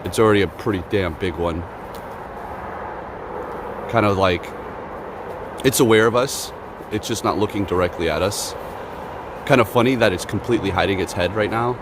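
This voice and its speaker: Against a noisy background, a man vlogs casually at a moderate pace, pausing often as he films a moose from home. He chats along and sometimes addresses his dog in a playful, high-pitched voice.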